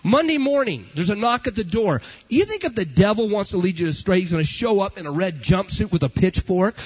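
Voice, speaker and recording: A man's voice: high voice, sing-song, brisk, few pauses, breathy edge. A man preaching a sermon emphatically, driving his points home through repetition. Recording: dull lo-fi recording.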